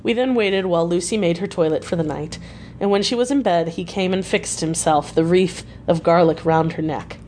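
A woman reading a diary novel aloud in a measured, unhurried way. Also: on the low side, mellow, a little hiss or hum. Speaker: audiobook reader.

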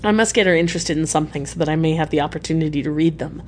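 A woman reading a classic novel aloud as scripted narration, in a measured, even way. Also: sits low, slight background noise. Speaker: audiobook reader.

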